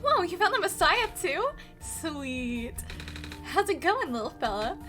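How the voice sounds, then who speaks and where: A woman's voice: very high-pitched, big pitch swings, a little slow, voice pushed up, heavily acted. A woman voicing a laid-back male character who talks like a surfer, drawling "dude" and "radical", with game music behind. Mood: cheerful.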